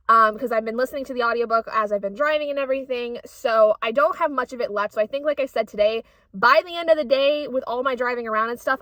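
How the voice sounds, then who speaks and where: Woman vlogger, high bright voice, heated and sweary, on the go, dry close sound. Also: no echo. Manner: heated ranting, swears often. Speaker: book vlogger. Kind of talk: casual vlog chat. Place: out running errands, on the go.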